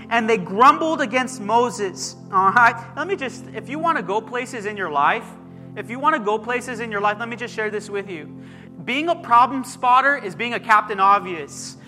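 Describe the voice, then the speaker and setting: A man preaching a sermon as pastor, emphatic and animated, calling out to his congregation. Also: very high-pitched. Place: church sanctuary. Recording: long hall reverb with faint music.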